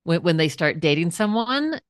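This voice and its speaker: A woman's voice: lowish voice, very animated, normal speed, no echo, studio quality. A woman hosting a podcast interview, asking earnest, reflective questions. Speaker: podcast host.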